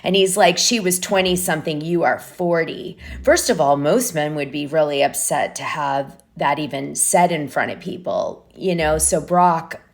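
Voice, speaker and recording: Low-voiced woman gossip host. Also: animated, normal speed, vocal fry, hardly any pauses. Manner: chatty, rambling storyteller. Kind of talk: casual reality-TV recap.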